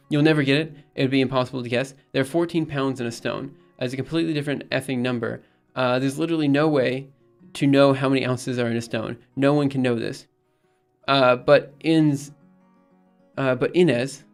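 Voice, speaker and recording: A man's voice: medium pitch, vocal fry. A young man rambling in casual live-stream chat, reading messages aloud and repeatedly insisting things are fine. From United States. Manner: rambling, reads chat aloud, exasperated but reassuring.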